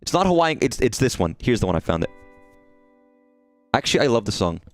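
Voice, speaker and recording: A man's voice: medium pitch, brisk, no echo, soft background music. A man chatting casually while streaming a game, rambling and swearing freely. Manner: rambling, profane, animated. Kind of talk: casual gameplay livestream chat.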